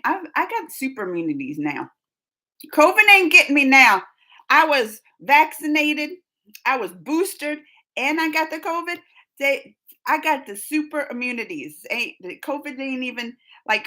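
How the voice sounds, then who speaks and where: A woman's voice: a little high, bright, forceful tone, poor audio. A woman hosting a live stream, chatting casually and emotionally while reading viewer comments, laughing often.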